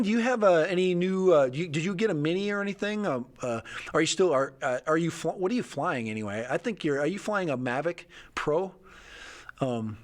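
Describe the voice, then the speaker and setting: A middle-aged man hosting a live stream, chatting casually and rambling, often restarting his sentences and laughing. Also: on the high side.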